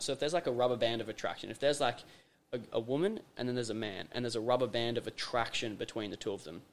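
An Australian man hosting a casual podcast conversation, talking emphatically, repeating phrases for effect and acting out little scenes. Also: medium pitch. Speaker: podcast host.

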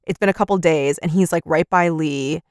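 A young woman co-hosting a casual book podcast, lively, acting out characters in quick put-on voices and laughing often. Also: low voice, smooth, no echo, clean studio sound. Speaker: podcast co-host. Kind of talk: casual book-club chat.

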